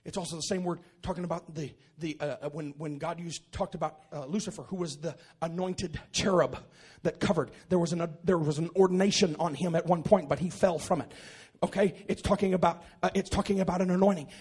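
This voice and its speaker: A pastor preaching a sermon in a church, moving from quiet teaching to loud, shouted exhortation. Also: male voice, on the high side, fairly even intonation, brisk, hardly any pauses, breathy edge. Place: church auditorium.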